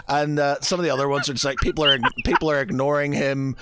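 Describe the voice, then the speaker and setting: A man's voice: mid-range voice, steady tone, fast talker, hardly any pauses, a bit bright, clean tone, no echo, soft background music. A man narrating as game master, hesitant and full of fillers. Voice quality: hesitant, lots of fillers, laughs easily.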